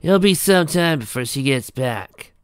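A man voicing a friendly young mare who works at a club, talking slowly and easily in a read-aloud pony story. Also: medium pitch, lively intonation, fairly bright tone, no echo, clean studio sound, voice pushed up. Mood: easygoing. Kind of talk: fan fiction read aloud.

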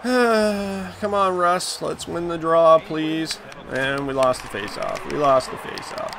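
A man commenting live on the hockey video game he is playing, reacting loudly to each play and groaning at his mistakes. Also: a little high, slow, creaky, a little hiss or hum. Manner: excitable, reacts loudly, groans and laughs at plays. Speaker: gaming channel host.

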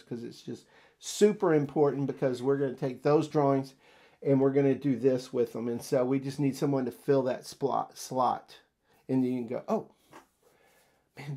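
A man's voice: medium pitch, moderate pace, vocal fry. A man giving casual career advice on job interviews, acting out quoted lines from employers and candidates. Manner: animated, acts out quoted dialogue. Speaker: career coach. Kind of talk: casual instructional talk.

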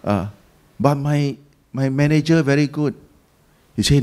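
A man with a Singaporean English accent gives a Dhamma talk as a Buddhist teacher. He tells the story lively, acts out the people in it, and mixes in colloquial local words. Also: fairly high pitch, unhurried, long pauses. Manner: colloquial, Malay and Hokkien words mixed in.

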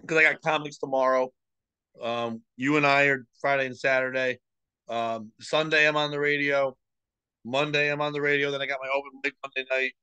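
On a casual podcast, a male host tells comedy stories, laughing often and acting out what people said in an animated way. His medium-pitched voice is clean-toned and fairly quick, with no room sound but a rough recording.

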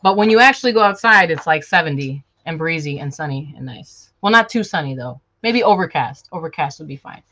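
A woman's voice: sits low, expressive, fairly quick, hardly any pauses, pushed and bright, highs cut off. Chatty, joking woman streaming from home. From Chicago, USA. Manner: playful, chatty, joking asides to viewers. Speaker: sewing vlogger. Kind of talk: casual live-stream chat.

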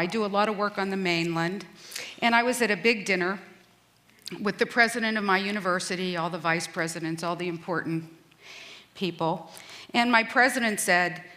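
A woman's voice: medium pitch, pushed and bright. A middle-aged American woman giving a self-deprecating, humorous stage talk at a conference. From United States.

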